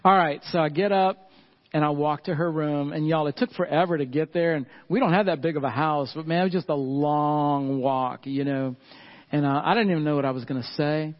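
A man's voice: fairly high pitch, steady tone, brisk. A middle-aged man, a pastor, preaching a casual storytelling sermon in church. He chuckles often and addresses the congregation as y'all. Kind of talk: conversational sermon. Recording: slightly muffled recording.

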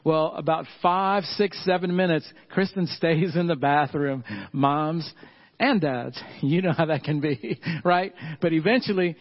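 A middle-aged man, preaching a sermon earnestly and slowing down and softening on key points. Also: a little high, muffled recording. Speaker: pastor.

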